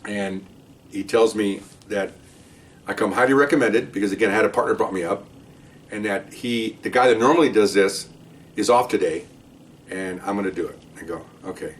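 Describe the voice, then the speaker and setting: A middle-aged man telling police stories in casual storytelling style, animated and acting out the dialogue. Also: moderate pace. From Latino. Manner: animated, acts out dialogue with raised pitch. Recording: voice a bit far from the mic.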